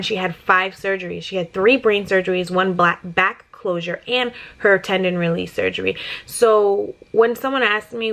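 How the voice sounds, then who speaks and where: Young jersey mom vlogging, gravelly voice, emotional and excited, chatting right to the camera. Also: female voice, mid-range voice, rough recording. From New Jersey. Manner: emotional, excited, talks straight to viewers. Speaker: vlogger mother. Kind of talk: casual personal vlog.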